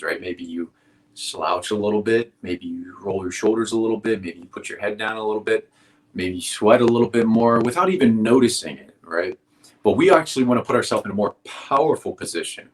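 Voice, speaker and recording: A man with a fairly low voice coaches athletes in a motivational style. He explains things step by step and keeps checking in with "right?"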